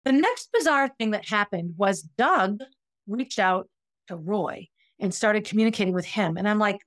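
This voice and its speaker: A middle-aged woman tells her own story in a candid, reflective and confessional way. Her voice sits at a medium pitch. It is recorded close and dry, with no room sound around it. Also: moderate pace, no room sound. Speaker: podcast host. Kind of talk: personal storytelling.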